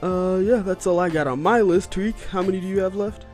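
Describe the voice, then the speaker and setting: A man running a gaming podcast in a lively, teasing way, keeping the talk moving and ribbing his co-host. His voice sits a little higher than most men's. Music plays clearly underneath him. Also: fairly quick. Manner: upbeat, teasing, runs the conversation. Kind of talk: casual gaming chat.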